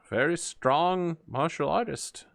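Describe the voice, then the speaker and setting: A man's voice: a little high, measured pace, gravelly, no room sound, pitched above the performer's own voice. A man voicing a chatty, worldly grandmother who was once a martial artist. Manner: chatty, gently probing.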